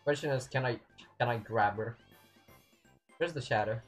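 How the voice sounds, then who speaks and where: Excitable young man yelling at a game. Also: medium pitch, normal speed, soft background music. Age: young adult. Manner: excitable, yells and mutters at the game. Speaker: gameplay commentator. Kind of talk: let's play commentary.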